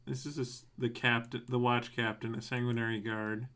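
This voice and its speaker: A man with a bright, sharp voice explaining things plainly to his gaming group in a casual chat. He sounds matter-of-fact and easygoing. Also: mid-range voice, little pitch movement, normal speed. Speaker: tabletop game player. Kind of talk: casual chat among players.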